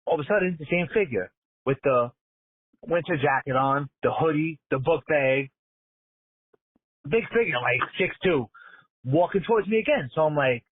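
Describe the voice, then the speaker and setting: A man's voice: on the high side, expressive, normal speed, long pauses, husky, no echo. A man calling in and leaving a voicemail, telling a story in a casual, streetwise way with some swearing. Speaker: caller. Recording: tinny phone voicemail.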